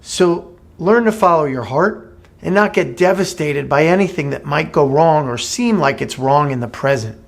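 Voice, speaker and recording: A man co-hosting a podcast recounts a short fable, speaking earnestly and casually at a normal speed. His voice sits on the high side, is expressive and shows vocal fry, and he frequently repeats words at the start of sentences.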